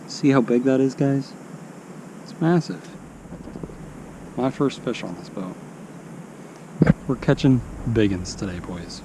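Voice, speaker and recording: A man's voice: mid-range voice, expressive, slow, pauses often, background noise. A young man vlogging casually outdoors on a boat, upbeat and teasing. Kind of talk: casual outdoor vlog chat.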